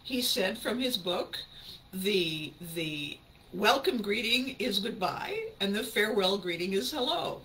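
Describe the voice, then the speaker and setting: A woman hosting a podcast, telling a personal story in an animated way and often laughing as she speaks. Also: mid-range voice, measured pace, slight background noise, poor audio. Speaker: podcast host.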